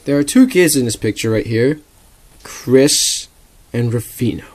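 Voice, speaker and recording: A man's voice: mid-range voice, lively intonation, unhurried, darkish tone. A young man casually narrating a homemade comic story, rambling with lots of "like". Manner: rambling, full of "like".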